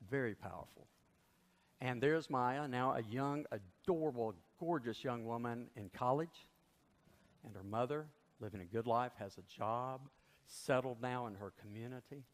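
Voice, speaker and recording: A male pastor tells a sermon story in an animated way, at a middle pitch. His voice carries the long reverb of a large church.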